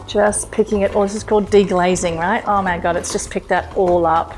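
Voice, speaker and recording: A woman's voice: medium pitch, a little fast, hardly any pauses, darkish tone. A woman hosting a casual cooking demonstration in her kitchen, chatty and gushing as she exclaims over the food. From Australia. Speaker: cooking show host, chef. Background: music and sizzling food.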